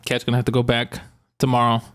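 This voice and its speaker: A man's voice: medium pitch, quick pace, clear, resonant tone. A young man co-hosting a podcast, casually telling a rambling story with lots of fillers and easy laughs. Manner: relaxed, rambling, many likes and ums, laughs often. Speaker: podcast co-host.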